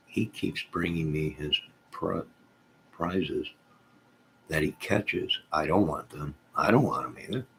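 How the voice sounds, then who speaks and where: Speaking slowly in a low, gravelly, slightly bright voice, this livestream host jokes with his viewers and calls them out by name while going through the chat. He is at home with goats close by, and a faint hiss or hum runs under the recording.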